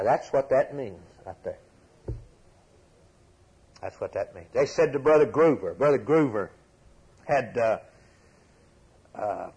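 A man preaching a sermon, telling the story with passion, rising to loud emphasis and dropping to low, hushed asides. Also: husky, rough recording.

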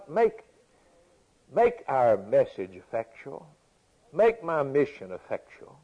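A man preaches a sermon in a folksy, unhurried way, reading scripture and then explaining it. He repeats phrases for emphasis, and his mid-pitched voice comes through a dull, lo-fi recording. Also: a little mellow. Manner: folksy, repeats phrases, chuckles between points.

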